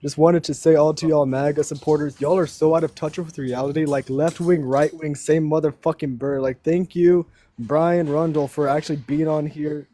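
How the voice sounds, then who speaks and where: A man's voice: fairly high pitch, fairly even intonation, moderate pace, warm tone. A nineteen-year-old man calling into a livestream, speaking earnestly in casual, profane slang. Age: young adult. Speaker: caller. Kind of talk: casual call-in rant.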